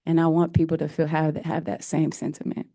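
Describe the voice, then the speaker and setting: A woman coach speaks at a press conference with a low, mellow voice that stays fairly flat in pitch. She is earnest and emotional and often stops on fillers. The sound is dry. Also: fairly quick, no echo. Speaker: head coach. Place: press room.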